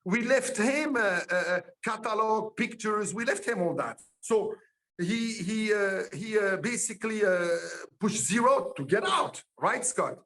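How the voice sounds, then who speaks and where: High-voiced man telling animated anecdotes. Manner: animated, acts out others' lines, laughs often; halting, ungrammatical non-native phrasing. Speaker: guest. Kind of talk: casual anecdote storytelling.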